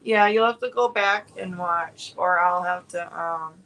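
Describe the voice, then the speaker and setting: Chatty woman with a gravelly voice. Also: on the low side, measured pace, a bit bright, poor audio. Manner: rambling, chatty, many fillers and restarts. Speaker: crafting vlogger. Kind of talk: casual livestream chat. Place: home.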